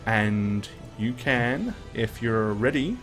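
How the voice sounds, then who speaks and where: Relaxed game master narrating. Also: male voice, mid-range voice, slow pace, faint music behind. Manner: relaxed, hesitant with many ums.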